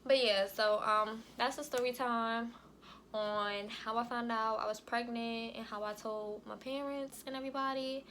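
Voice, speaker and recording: A woman's voice: a little high, fairly even intonation, unhurried, a bit bright, a little hiss or hum. A young woman vlogger, telling a casual story time with lots of "like" and "y'all". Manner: chatty, frequent "like" and "y'all".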